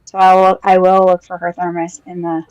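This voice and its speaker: A woman's voice: fairly low pitch, completely flat delivery, fairly quick, a little mellow, dry recording, dull audio. A woman playing a tabletop role-playing game, speaking in a hesitant, rambling way with many fillers. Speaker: player. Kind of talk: tabletop role-play in character.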